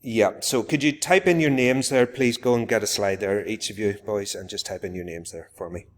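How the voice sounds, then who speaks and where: A man's voice: on the low side, normal speed. A man, a teacher giving a live classroom demonstration, explaining to viewers and turning to address his pupils directly. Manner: explains to viewers, then calls out warmly to pupils.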